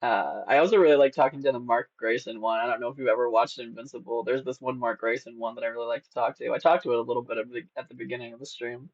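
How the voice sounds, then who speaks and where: A playful, teasing man giggles his way through casual talk on a live stream, speaking quickly with hardly any pauses. His voice sits mid-range with fairly even intonation, captured in a dry but slightly dull, lo-fi recording.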